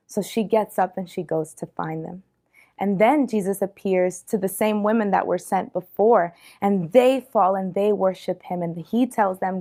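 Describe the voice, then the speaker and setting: A woman storyteller retelling a Bible story for young people in a lively, casual way. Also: medium pitch, normal speed.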